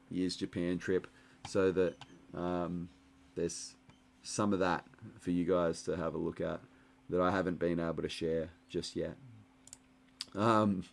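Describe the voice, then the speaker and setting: Man, very deep voice, relaxed rambling livestream chat. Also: gravelly. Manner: relaxed, rambling, many fillers. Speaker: livestream host reading chat. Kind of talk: casual live chat.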